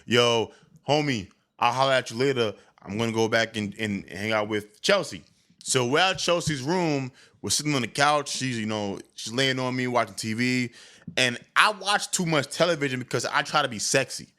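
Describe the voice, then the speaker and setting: A young man telling a candid comic story about his past in a casual, animated way, often stumbling over restarts. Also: mid-range voice, normal speed.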